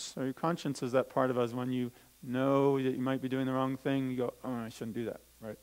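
A man's voice: medium pitch, little pitch movement, brisk, hardly any pauses, a little mellow, low-quality recording. A man, a pastor, reading a scripture story aloud and explaining it simply to children. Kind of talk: children's talk. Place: church sanctuary.

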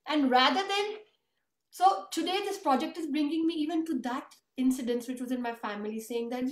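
A woman's voice: high-pitched, brisk. A woman telling an emotional family story in earnest, conversational tones during an interview. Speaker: host and author. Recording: roomy echo.

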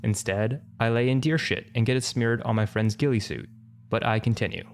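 A man narrating an internet story for comic effect in a brisk, wry, matter-of-fact way. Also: mid-range voice, a little hiss or hum.

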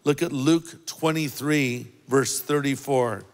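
A man preaching a sermon as a pastor, earnest and deliberate, leaning on key words. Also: mid-range voice, steady tone, in a large hall.

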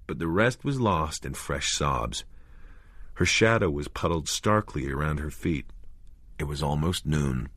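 A man narrating a horror audiobook in a measured, deliberate way. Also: extremely low pitch, animated, a bit bright, no echo.

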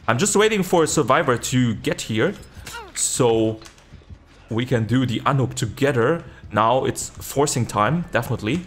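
A man narrating his own gameplay at an unhurried, drawn-out pace, with a voice of ordinary middle pitch. He is excitable and breaks into high yelps and casual swearing when the action heats up, then laughs at himself. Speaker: video game streamer. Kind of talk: live gameplay commentary.

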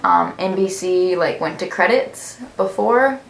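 A young woman vlogger telling a story in a gushing, excitable way, often breaking into laughter. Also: fairly low pitch, measured pace, vocal fry, slight background noise. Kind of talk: story time vlog. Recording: roomy echo, faint music.

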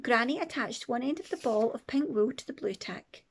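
A woman teacher reading a children's book aloud with expressive, playful asides. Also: fairly high pitch, moderate pace, background noise. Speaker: primary teacher. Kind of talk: storybook read-aloud.

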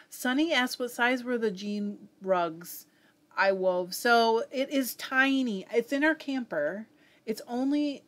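A woman with a Southern US accent hosting a live fiber arts stream, chatting casually and reading viewer comments aloud with frequent laughs. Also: medium pitch.

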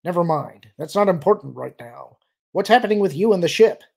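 A man's voice: sits high, animated, brisk, vocal fry, darkish tone, slightly rough, voice pushed up, heavily acted. A man reading an audiobook, voicing a brash, impatient male starship pilot who growls and snaps his lines. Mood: worried.

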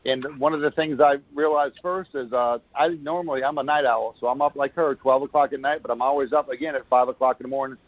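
A man talks through a long, upbeat testimonial, rambling and restarting as he goes. His pitch sits right in the middle of the range. The call comes through muffled and lo-fi. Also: fairly even intonation, quick pace, few pauses. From Florida. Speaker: caller giving a product testimonial. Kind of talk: casual phone call testimony.

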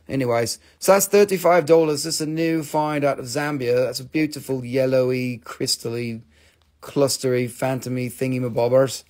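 A man's voice: medium pitch, fairly even intonation, a little fast, darkish tone. A man hosting a live stream, selling crystals in casual, joking sales patter full of swearing. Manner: chatty, profane and joking.

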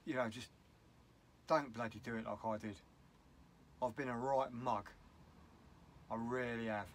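A man's voice: medium pitch, fairly bright tone, slight background noise. A middle-aged man with a British English accent, talking in a casual vlog, upset and rambling bluntly. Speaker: vlogger.

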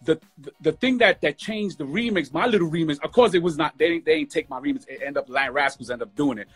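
A man from New York City, a music producer guest, telling stories from his youth in a fast, emotional, casual way over a phone livestream. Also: on the high side, a bit bright, husky. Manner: fast, emotional storytelling with lots of "bro". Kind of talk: casual storytelling interview.

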